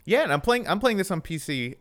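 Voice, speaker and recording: A man's voice: high voice, sing-song, a little fast, fairly bright tone. Easygoing joking male podcaster. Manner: easygoing and joking, often laughing. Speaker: podcast co-host. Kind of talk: casual chat.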